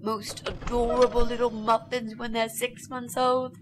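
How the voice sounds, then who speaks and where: A woman's voice: on the high side, level tone, measured pace, a little hiss or hum, lightly acted. An actress voicing a pushy young female student in a game, eager and bossy, sweetly fake when she performs. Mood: sugary. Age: young adult. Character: pushy chirpy young woman student, scheming. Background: game music.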